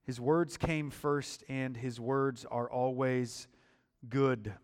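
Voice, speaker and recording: Slow, resonant preacher in a reverberant hall. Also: male voice, medium pitch, fairly even intonation, smooth. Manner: deliberate, emphatic preaching with repeated words. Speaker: pastor. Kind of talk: sermon.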